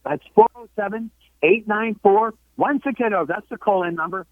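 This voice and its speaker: A man hosting a call-in radio show, lively, who repeats the phone number slowly. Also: sits high, no room sound. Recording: tinny narrow-band broadcast, dry.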